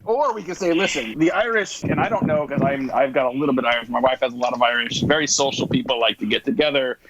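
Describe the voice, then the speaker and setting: A man hosting a podcast who introduces the guest and asks questions in a relaxed way. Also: medium pitch, fast, highs cut off. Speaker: podcast host. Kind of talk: casual podcast conversation. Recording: noisy recording with clicks.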